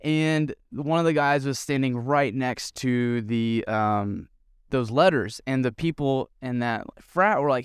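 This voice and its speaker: A man's voice: mid-range voice, a little slow, smooth, no echo, clean studio sound. A young man and youth pastor, telling a story in an earnest, rambling way with many fillers. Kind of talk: casual storytelling vlog.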